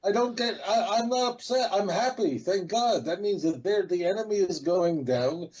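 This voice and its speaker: A man's voice: high-pitched, moderate pace, darkish tone, husky, low-quality recording. A man, a rabbi speaking as an interview guest, talking in an emphatic, defiant, repetitive way. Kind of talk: heated interview talk.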